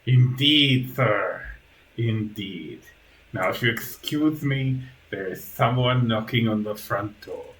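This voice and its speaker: Man playing a servile stitched-together butler creature, slow and formal. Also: on the low side, a bit bright, a little hiss or hum, rough recording.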